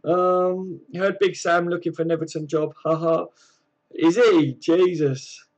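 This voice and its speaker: A man's voice: fairly high pitch, steady tone, slow pace, low-quality recording. An English man hosting a casual fan live stream, chatting to viewers and answering their comments, calling them mate and laughing often.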